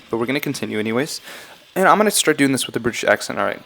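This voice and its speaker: A man's voice: mid-range voice, fast, hardly any pauses, fairly bright tone. A man casually talking through song lyrics line by line in a vlog, rambling, correcting himself and often saying he's not sure. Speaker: YouTuber analyzing game song lyrics.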